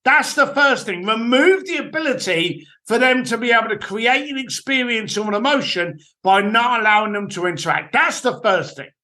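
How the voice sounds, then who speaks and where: A man, a guest on a podcast, giving blunt, animated business advice with casual swearing. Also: extremely high pitch, normal speed, few pauses. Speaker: guest, entrepreneur and author. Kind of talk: podcast interview, storytelling advice.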